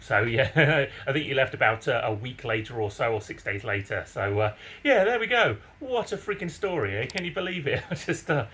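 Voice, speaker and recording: A man's voice: mid-range voice, expressive, moderate pace, hardly any pauses, sharp tone, slight background noise. A man from England with an English accent, telling a story to camera in a casual vlog, swearing casually and laughing often. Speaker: vlogger.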